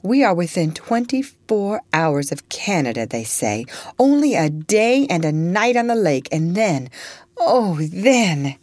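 A hopeful young mother on the run, earnest and tender, as a woman reader puts her on. Her pitch moves a lot. The sound is close and dry. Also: very animated, measured pace, darkish tone, dry recording.

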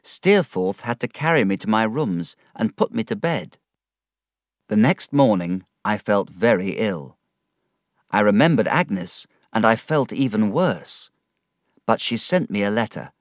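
A man reads a storybook aloud at an unhurried, deliberate pace. His low voice rises and falls expressively through each sentence. The recording is close and dry, with no room sound. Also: dry recording. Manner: slow, measured, expressive reading. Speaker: audiobook narrator. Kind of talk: scripted storybook narration.

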